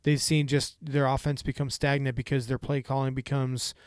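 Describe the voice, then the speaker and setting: A man co-hosting a casual sports podcast, breaking down plays in a measured, analytical way, with fillers along the way. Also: medium pitch, little pitch movement, dry recording, studio quality. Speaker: podcast co-host.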